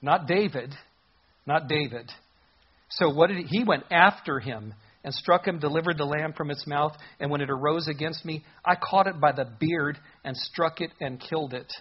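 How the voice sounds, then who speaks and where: A man preaching a sermon, with a husky, slightly high voice. He tells the story in an animated way and puts on voices for its characters. The recording sounds dull and lo-fi. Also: moderate pace.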